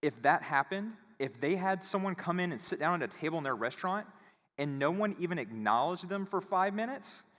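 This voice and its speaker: A man giving a conference talk, telling a casual, animated story and acting out the voices of the people in it. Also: high voice, brisk. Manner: animated, acts out quoted voices. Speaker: conference speaker. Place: conference hall. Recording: reverberant hall.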